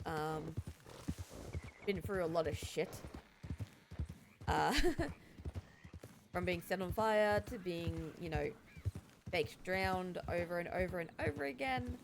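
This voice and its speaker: Lowish-voiced woman streaming, rambly chatty storytelling to chat, noisy background with clip-clopping horse sounds. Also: expressive, vocal fry. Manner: chatty, rambling, recounts scenes with quick voice changes. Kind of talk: casual chat to stream viewers while gaming.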